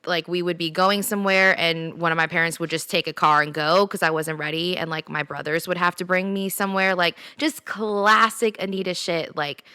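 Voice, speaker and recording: A young woman talks through a personal story on her own podcast, candid and chatty. Her voice sits a little low but sounds bright and smooth. The recording is dry and close. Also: fairly even intonation, moderate pace, few pauses, dry recording. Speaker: podcast host. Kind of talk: solo casual podcast talk.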